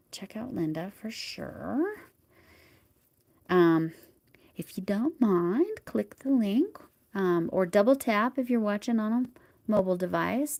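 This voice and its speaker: A woman hosting a crochet livestream at home, chatting casually as she works and murmuring soft whispered asides to herself. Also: medium pitch, creaky, dry recording. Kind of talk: casual live chat while crocheting.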